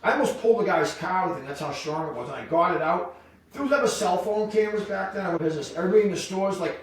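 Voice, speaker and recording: A middle-aged man, telling lively stories on a podcast and acting out the voices of the people in them. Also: high voice, fast talker. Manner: animated storyteller, acts out quoted voices. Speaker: podcast guest. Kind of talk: storytelling in casual chat. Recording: echoey room, distant mic, faint noise.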